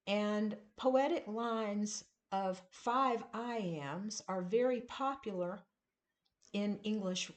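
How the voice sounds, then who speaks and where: Slow, deliberate woman teaching poetry. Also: mid-range voice. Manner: slow, deliberate, emphasizing rhythm. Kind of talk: casual online poetry lesson. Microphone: camera at desk, seen gesturing.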